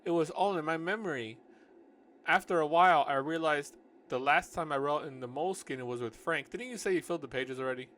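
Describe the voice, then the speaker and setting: A man's voice: on the high side, fairly quick, a bit bright, a little hiss or hum. A man reading his own novel aloud in a loose, joking way, often stopping to mock and argue with his own writing. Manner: loose, joking, self-correcting. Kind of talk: casual reading with running asides.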